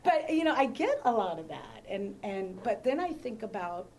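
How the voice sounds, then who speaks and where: A woman pastor leading a Bible study, telling stories and acting out dialogue with lively shifts in voice. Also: medium pitch, moderate pace. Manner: animated storyteller, acts out dialogue.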